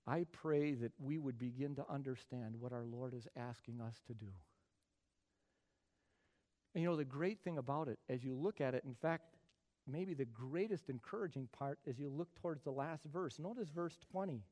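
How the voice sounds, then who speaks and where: A middle-aged man preaching a sermon as pastor, building from quiet talk to loud, emphatic passages. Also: medium pitch, moderate pace.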